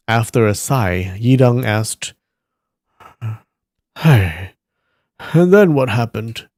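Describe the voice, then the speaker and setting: Mellow-voiced man reading a novel live. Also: fairly low pitch, no room sound, studio quality. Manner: reads steadily, breaks off to react aloud. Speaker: live-stream reader.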